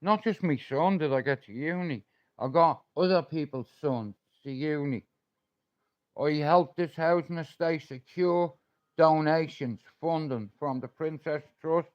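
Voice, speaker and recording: A man's voice: a little high, measured pace, highs cut off. A middle-aged man, ranting and swearing on a livestream. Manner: confrontational, swearing, threatening.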